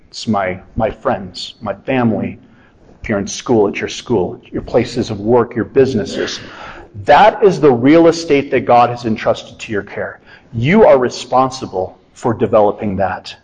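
A middle-aged man delivers a sermon as a pastor, speaking conversationally rather than formally. His voice sits in a mid-range pitch, and he keeps an animated, lightly humorous tone throughout. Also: breathy edge, rough recording. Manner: conversational, animated preaching with self-deprecating humor.

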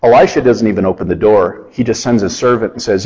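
A man's voice: on the low side, a little fast, hardly any pauses, darkish tone, husky. A middle-aged man preaching a sermon in a conversational, storytelling way, acting out the quotes. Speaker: pastor. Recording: dull lo-fi sound.

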